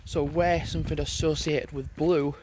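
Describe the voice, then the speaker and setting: A man's voice: a little high, little pitch movement, normal speed, a little mellow, slight background noise. A man chatting casually in a rambling way as he walks his dogs outdoors for his vlog. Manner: rambling, chatty, thinking aloud. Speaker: vlogger. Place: outdoors on a country road, walking dogs.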